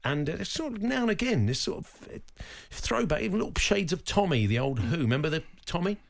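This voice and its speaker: A man's voice: sits high, very animated, brisk, creaky. Man, middle-aged, radio co-host, wry, chatty, studio mic. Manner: chatty, wry, trails off and restarts. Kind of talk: casual studio chat. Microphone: studio microphone.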